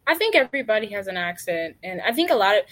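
A woman's voice: mid-range voice, sing-song, fast, fairly bright tone. A teenage girl from Uganda answering interview questions, hesitant and full of filler words. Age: teens. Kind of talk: casual interview.

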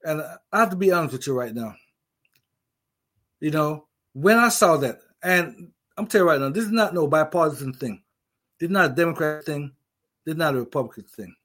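A man's voice: fairly high pitch, lively intonation, fairly quick, fairly bright tone. A middle-aged man with an accent, a veteran, giving a casual, emphatic opinion monologue with many restarts. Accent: non-native English. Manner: emphatic, repetitive, restarts often. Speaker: veteran commentator.

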